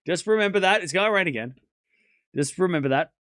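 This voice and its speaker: A man's voice: sits high, expressive, a bit bright, no room sound, studio quality. A young man with an Australian accent hosting a casual livestream, chatting with viewers and joking as he answers their questions. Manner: playful, jokey, quick to laugh and exclaim. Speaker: streamer hosting a tennis watchalong.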